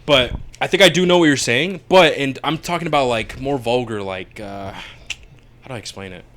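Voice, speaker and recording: A young man chatting casually on a podcast, rambling and stopping to restart as he hunts for words. His voice is an ordinary middle pitch for a man, loose and slangy. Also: normal speed, a bit bright. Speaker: podcast co-host. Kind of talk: casual chat.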